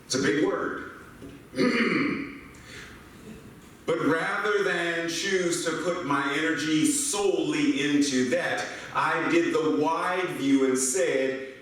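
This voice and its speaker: A man's voice: fairly high pitch, takes it slowly. An older American man giving a sermon as a minister, telling playful stories and asking the congregation questions. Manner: animated, playful storytelling with rhetorical questions. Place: church sanctuary. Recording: echoey hall mic from far off.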